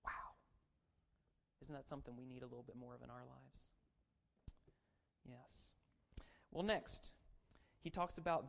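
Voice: mid-range voice, normal speed, long pauses. A preacher giving a sermon in a conversational way, asking the audience questions and adding self-deprecating jokes. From raised as a Baptist missionary and pastor's kid.

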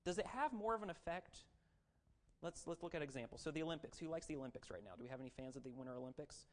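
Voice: medium pitch, fast. A preacher giving a sermon in a conversational way, asking the audience questions and adding self-deprecating jokes. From raised as a Baptist missionary and pastor's kid.

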